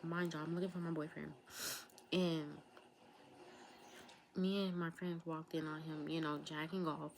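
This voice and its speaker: A woman's voice: low-pitched, flat delivery, measured pace, pauses often, slight background noise, low-quality recording. A young woman telling a personal storytime to her viewers, chatty, talking straight to them and slipping into whispered asides. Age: young adult. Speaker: vlogger. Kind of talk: storytime vlog.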